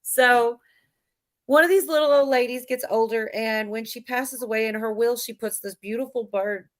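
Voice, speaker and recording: A woman's voice: a little high, fairly even intonation, normal speed. A middle-aged woman hosting a livestream, telling a corny joke in a rambling, giggly way. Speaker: livestream host. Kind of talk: casual chat, telling a joke.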